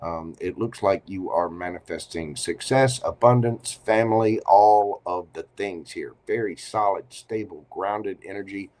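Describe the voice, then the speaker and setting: A man giving a live tarot reading, chatty and expressive, speaking straight to the viewer. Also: low voice, a little slow, hardly any pauses. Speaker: tarot reader.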